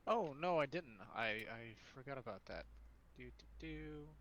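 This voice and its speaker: A man's voice: mid-range voice, expressive, a little slow, fairly bright tone, lo-fi sound, a little hiss or hum. A man playing a tabletop game, muttering distractedly while looking something up. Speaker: player.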